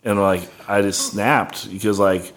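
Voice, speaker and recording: Man, low voice, young, rambling casual storytelling, lots of "like" and swearing. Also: flat delivery, measured pace, a bit bright. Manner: rambling, heavy on "like", swearing, laughing. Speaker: band member telling a tour story.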